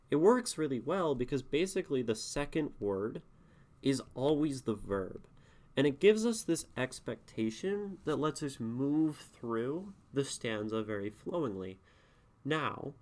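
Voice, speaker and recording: A young man on a live stream who reads poems aloud and critiques them, talking in a relaxed way and thinking aloud. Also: mid-range voice, a little slow.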